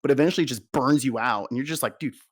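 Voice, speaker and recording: A man's voice: medium pitch, racing. A young adult man, a soldier, giving a blunt and heavily profane personal account in an interview.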